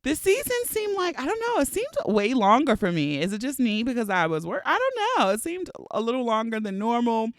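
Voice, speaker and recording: This is a casual podcast monologue by its host, a woman in her thirties who's a bit stuffy from allergies and sits close to the mic. She sounds a little high, brisk, with few pauses, chatty, playful and animated, and she laughs a lot. No room sound is present.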